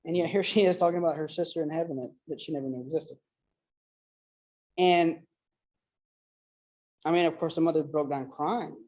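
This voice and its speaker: A man talks through a casual lecture in an earnest, rambling way, leaning on fillers and restarts. His voice sits low and mellow in tone. The recording is dull and lo-fi. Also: steady tone, moderate pace, pauses often. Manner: emotional retelling. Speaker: apologetics speaker.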